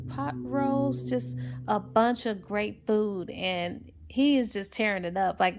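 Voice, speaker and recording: A woman's voice: a little high, slight background noise. Chatty woman recapping a novel. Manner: rambling, chatty retelling with fillers like "or whatnot". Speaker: book reviewer. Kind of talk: casual book recap.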